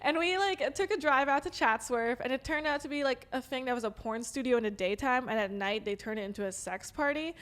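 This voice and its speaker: A young woman from Los Angeles with a clear Southern California Valley girl accent, sitting in as an interview guest. Her voice sits a little high, and she talks in a frank, bubbly way. Her sentences are strung together with lots of "like". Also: brisk, few pauses, fairly bright tone. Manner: frank and bubbly, heavy use of "like". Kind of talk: candid conversational interview.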